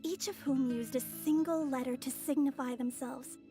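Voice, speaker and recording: A woman voicing a courteous and mysterious female envoy in a video game, polite and measured. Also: high-pitched, fairly even intonation, warm tone, close to an everyday voice. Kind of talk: game voice acting. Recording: game audio with faint music.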